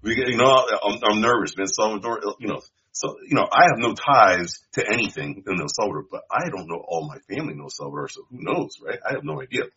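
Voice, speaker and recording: A man's voice: lowish voice, lively intonation, fast talker, few pauses, pushed and bright, husky, highs cut off. A man co-hosting a podcast in casual chat, laid-back and full of "dude" and "bro". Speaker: podcast co-host.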